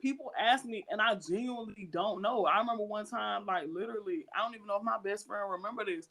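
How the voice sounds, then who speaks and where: A man with a notably high-pitched voice talks through a podcast in a loose, heartfelt way. He circles back on his points, stumbles into restarts, and slips into other people's voices when he quotes them. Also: quick pace, sharp tone. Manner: earnest, repetitive, with lots of fillers and restarts. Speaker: podcast co-host. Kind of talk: casual podcast chat.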